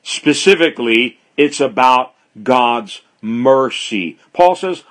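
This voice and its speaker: Slow, deliberate male preacher. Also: medium pitch, expressive, fairly bright tone. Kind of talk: expository sermon.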